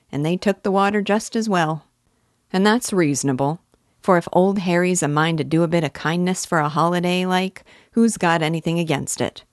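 A woman's voice: on the low side, dry recording, studio quality, close to an everyday voice. A woman voicing a garrulous old male parish clerk who rambles in folksy rural dialect.

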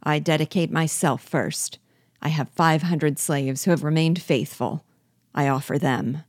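A woman's voice: deep voice, steady tone, unhurried, no room sound, clean studio sound. A woman reading the lines of a pompous, ruthless male colonial general in a declaiming, self-important way.

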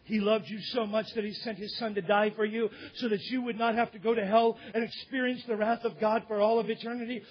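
Husky high-voiced man preaching animatedly. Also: fairly quick, hardly any pauses, dull audio. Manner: animated storytelling, often shouting. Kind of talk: sermon with acted-out parable.

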